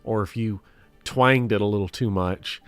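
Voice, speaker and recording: A man's voice: lowish voice, normal speed. A man hosting a casual game stream, joking and swearing as he chats with a guest and reads comments. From US South. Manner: profane, joking, mimics voices. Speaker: streamer and host.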